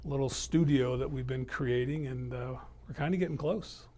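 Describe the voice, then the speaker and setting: A man's voice: mid-range voice, steady tone, normal speed, warm tone. Upbeat man hosting a podcast. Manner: upbeat, chatty, many fillers. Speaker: host. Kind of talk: casual podcast chat. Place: small office studio.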